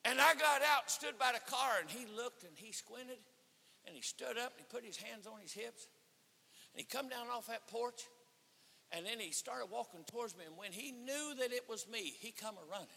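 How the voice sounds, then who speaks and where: A man preaching at a conference, telling a story with acted-out dialogue and rising to shouts. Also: extremely high pitch, moderate pace, vocal fry. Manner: animated, acts out dialogue, swells to shouting. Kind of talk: sermon storytelling. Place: church or conference hall. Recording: reverberant hall.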